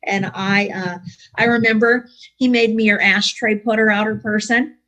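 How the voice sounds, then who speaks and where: A woman's voice: medium pitch, fairly even intonation, normal speed, a bit bright, rough recording. Middle-aged woman, recovery speaker, dry self-mocking humor, video-call audio. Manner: wry, self-deprecating humor. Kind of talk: recovery share storytelling. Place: home, online meeting.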